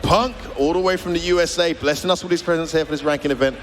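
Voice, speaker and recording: A man's voice: a little high, fast, slight background noise. Male esports commentator. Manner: excited, bantering.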